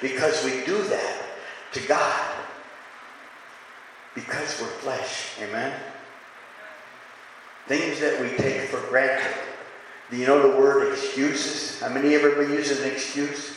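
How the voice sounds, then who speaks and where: A man's voice: medium pitch, fairly even intonation, takes it slowly, pauses often, a bit bright. Man preaching in an echoey church. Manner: preaching with call-and-response, repeating lines for emphasis. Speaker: pastor. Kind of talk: sermon. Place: church sanctuary. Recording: echoey church hall with faint room noise.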